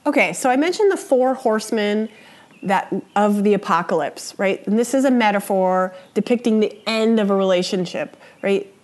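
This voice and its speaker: A woman's voice: mid-range voice, normal speed, darkish tone. A woman teaching a lesson on relationships, explaining in a conversational way, checking in often with "right?" and acting out example quotes in a raised voice. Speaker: relationship educator. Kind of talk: spoken lecture on relationships.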